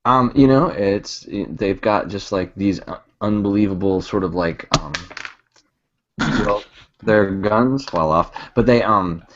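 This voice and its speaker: A man's voice: lowish voice, takes it slowly. A man co-hosting a podcast, hesitantly searching for words as he explains. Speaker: podcast co-host. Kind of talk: casual podcast chat. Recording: dull lo-fi audio with faint noise.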